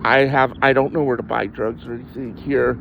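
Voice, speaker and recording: A man's voice: medium pitch, flat delivery, fairly quick, gravelly, dull audio, background noise. Rambling man telling candid personal stories. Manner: rambling, self-deprecating, frequent laughs and restarts. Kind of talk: candid personal storytelling in conversation.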